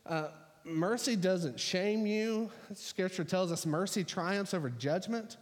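Male pastor, casual storytelling sermon delivery, slightly high pitch, recorded in a reverberant hall. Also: slow. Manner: conversational storytelling with fillers.

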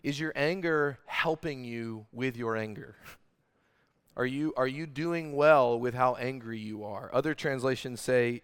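A man preaches a sermon with a smooth, resonant voice at an ordinary pitch. He speaks earnestly and with animation, often pausing to put direct questions to his listeners. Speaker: pastor. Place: large room with congregation.

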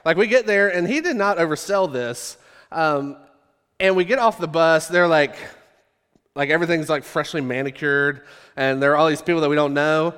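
A man's voice: a little high, normal speed, a bit bright, smooth. A man preaching a sermon, telling a humorous, self-deprecating story to his congregation. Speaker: pastor. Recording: echoey hall reverb.

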